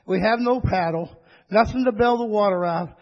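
A man preaching a sermon to his church, rising into high, excited bursts and calling for amens. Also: normal speed. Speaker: pastor. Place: church sanctuary. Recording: dull lo-fi church recording with long reverb.

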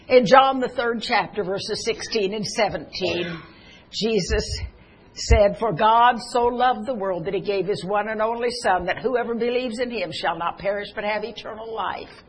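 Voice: medium pitch, normal speed, a bit bright, husky, poor audio. An older preacher giving a sermon, reading scripture and reciting a poem with rising dramatic emphasis.

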